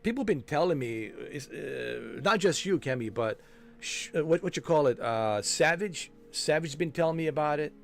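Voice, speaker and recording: Soft music plays behind a gaming host whose high-leaning, expressive voice shows vocal fry at normal speed. Chatting casually over a walkthrough, he rambles, tosses in "man" and "dude," and self-corrects often as he looks for names.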